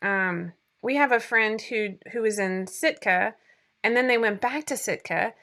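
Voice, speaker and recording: A woman's voice: medium pitch, measured pace, pushed and bright. A woman in her forties hosting a casual livestream chat from home, rambling and laughing often, sometimes teary. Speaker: livestream host.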